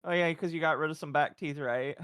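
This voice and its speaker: A woman's voice: low-pitched, brisk, fairly bright tone, clear, resonant tone, dry recording, clean studio sound. A woman hosting a casual watch-along stream, chatty and laughing often. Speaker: stream host.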